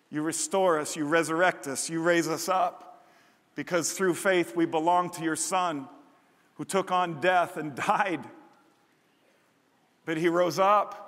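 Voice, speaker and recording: A man's voice: fairly high pitch, a bit bright. A man preaching a sermon as pastor, talking in a conversational way that builds to fervent emphasis. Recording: long hall reverb.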